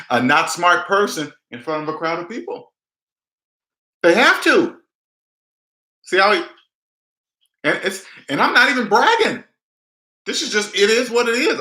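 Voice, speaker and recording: A man's voice: on the high side, pushed and bright, roomy sound. A man giving personal finance advice to his viewers in a casual livestream, emphatic and preachy, acting out what other people would say.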